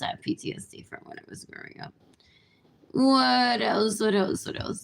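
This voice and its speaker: Slow, rambling woman livestreaming. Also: medium pitch, vocal fry. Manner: slow, rambling, repeats herself.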